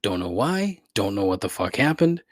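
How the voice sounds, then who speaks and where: A podcast host delivers a solo rant, swearing a lot, venting his frustration, and putting himself down with rueful laughs. His voice sits on the low side with big swings in pitch, and he speaks at a moderate pace. It's a dry, studio-quality recording.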